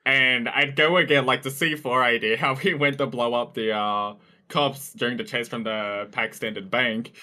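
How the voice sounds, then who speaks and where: A man recalling his time in a roleplay game in a relaxed, rambling way on a podcast. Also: mid-range voice, normal speed, hardly any pauses. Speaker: podcast guest. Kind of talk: casual chat.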